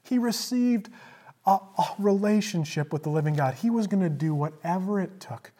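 A preacher delivers a sermon retelling a scripture story at normal speed, with a medium pitch and lively intonation. As a storyteller, the pastor leans on emphatic repetition and alternates loud emphasis with hushed asides.

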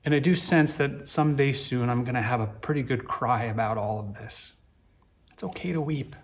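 Gentle, earnest male pastor preaching. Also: mid-range voice, steady tone, fairly quick. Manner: gentle, reflective, builds to earnest emphasis. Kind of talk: sermon.

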